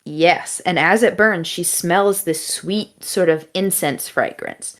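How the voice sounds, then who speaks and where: Brief: laid-back young female podcast host, low-pitched, slow and chatty storyteller. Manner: chatty, casual, with fillers and swearing. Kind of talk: casual storytelling.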